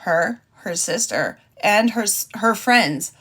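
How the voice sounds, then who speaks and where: A woman's voice: mid-range voice, expressive, takes it slowly, a bit bright, husky. A young woman hosting a podcast, bluntly telling an emotional personal story and swearing freely. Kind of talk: candid storytime monologue.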